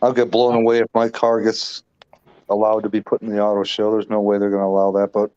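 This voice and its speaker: A man's voice: lowish voice, monotone, fast talker, a little mellow, smooth, lo-fi sound. A man in a casual live chat, talking about his car in a plain, matter-of-fact way.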